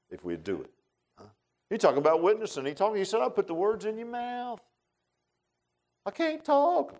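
A male pastor preaching a sermon in an animated, informal way, often repeating words and making joking asides to the congregation. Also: fairly high pitch.

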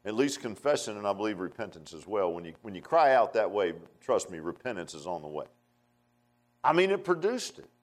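A man preaching a sermon in a folksy, conversational way, swinging between emphatic outbursts and hushed asides. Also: lowish voice, sing-song, fairly quick.

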